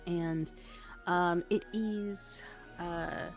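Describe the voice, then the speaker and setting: A woman narrating a tabletop role-playing game as game master, unhurried and filling pauses with ums and uhs. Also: lowish voice, steady tone, faint music behind.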